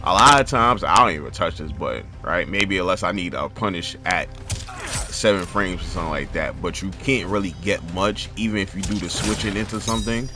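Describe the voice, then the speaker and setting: A man's voice: low voice, fairly quick, over music. A man hosting his own fighting-game guide channel, talking in a loose, chatty way that often stumbles and repeats words. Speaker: gaming channel host. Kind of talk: casual game guide commentary.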